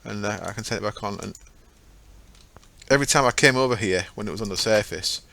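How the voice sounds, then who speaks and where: A man's voice: on the low side, brisk, gravelly, bright, forceful tone. A man giving casual, rambling commentary over his own gameplay, often correcting himself as he goes. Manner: chatty, rambling, self-correcting. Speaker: gaming channel host.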